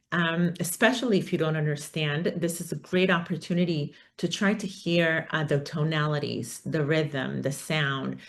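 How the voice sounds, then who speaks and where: A woman giving an academic talk, thoughtful and hesitant, with many fillers. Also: low-pitched. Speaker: academic speaker. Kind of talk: conference talk.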